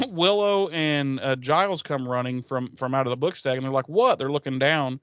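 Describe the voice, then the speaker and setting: A man's voice: mid-range voice, moderate pace, smooth, no echo, dull audio. A man co-hosting a podcast, retelling an episode in casual chat and acting out the characters' lines as he goes. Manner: animated storytelling, acts out characters' lines. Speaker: podcast co-host.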